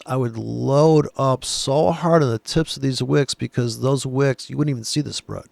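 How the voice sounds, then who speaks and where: A man's voice: mid-range voice, gravelly, dry recording. A man giving casual chart commentary, blunt and profane, rambling with sarcastic asides. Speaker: trading educator.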